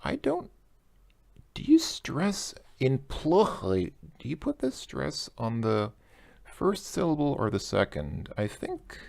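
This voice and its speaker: A man's voice: mid-range voice, wildly swooping pitch, slow, gravelly, a little mellow. A man tutoring a language lesson, thinking aloud as he works through exercises, hesitant and self-correcting.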